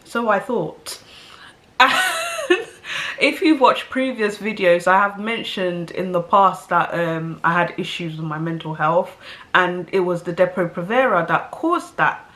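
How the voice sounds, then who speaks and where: Talking to camera, a South London woman rambles through a casual story full of fillers and knowing asides. Her voice is on the low side, a bit bright and a little slow, and she sounds stuffed up from hay fever.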